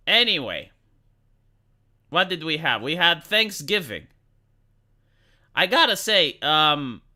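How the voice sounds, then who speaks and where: Live streamer, very bright and lively voice, swearing through a heated rambling rant. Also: medium pitch. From lives in Romania. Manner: laughs at own points. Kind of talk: ranting live-stream commentary.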